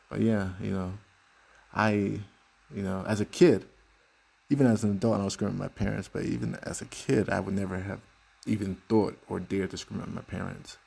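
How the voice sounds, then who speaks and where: A man's voice: fairly low pitch, steady tone, normal speed, creaky, darkish tone, husky. A young man hosting a podcast, telling stories from his childhood in a laid-back, joking way. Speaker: podcast host. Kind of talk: casual storytelling monologue.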